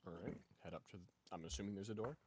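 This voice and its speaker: Joking husky man playing a tabletop game. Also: fairly low pitch, rapid-fire. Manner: joking, laughs at his own lines. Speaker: player. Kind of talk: casual tabletop game chat.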